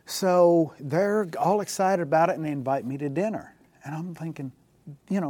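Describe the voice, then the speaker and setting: A man with a slightly higher voice tells a personal faith story in an easy, chatty way, laughing softly at his own punchlines. His voice sounds close and dry, with no room around it. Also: moderate pace, no echo. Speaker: guest telling faith stories. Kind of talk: casual storytelling.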